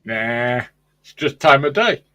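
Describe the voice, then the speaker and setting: A man's voice: mid-range voice, expressive, takes it slowly, pushed and bright, muffled recording, slight background noise. A Welsh man from Wales, chatting as a guest in a blunt, laid-back, profane way. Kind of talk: casual chat.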